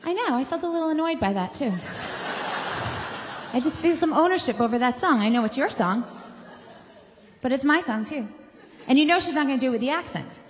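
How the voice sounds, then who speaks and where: Animated woman telling a comic story, reverberant hall. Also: high voice, fairly quick, long pauses, a little hiss or hum. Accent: Long Island. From Long Island, New York. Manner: animated, self-mocking, with chatty asides. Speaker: singer, guest telling an anecdote.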